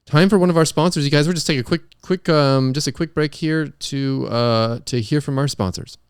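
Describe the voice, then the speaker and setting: A young man co-hosting a podcast in a smooth, resonant voice, recorded dry and close on a studio mic. He rambles and hesitates, stopping to retake his lines in comedic banter. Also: a little high, normal speed, dry recording. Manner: hesitant, restarts and retakes often. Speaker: podcast co-host.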